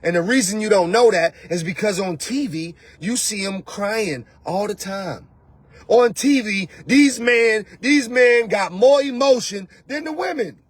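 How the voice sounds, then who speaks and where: Male relationship coach, high and raspy, slangy and preachy, dry sound. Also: expressive, measured pace, dry recording. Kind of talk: casual opinion monologue.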